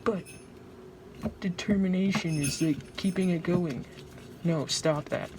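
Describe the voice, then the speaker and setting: Speaking slowly with a fairly low pitch, a female vlogger describes her craft project in a casual video. She's anxious, dramatic, and self-mocking, and the home recording is noisy.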